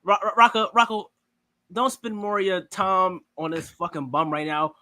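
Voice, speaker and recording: A young man hosting a heated podcast, trading brash, loud trash talk with his guests. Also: sits high, normal speed, crowd noise. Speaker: host.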